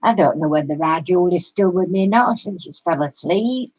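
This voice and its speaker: A woman's voice: lowish voice, lively intonation, brisk, a little mellow, breathy edge. An older woman with a Yorkshire accent, a craft vlogger chatting to viewers and telling a story with lots of laughter. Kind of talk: casual chat to viewers. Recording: muffled lo-fi recording.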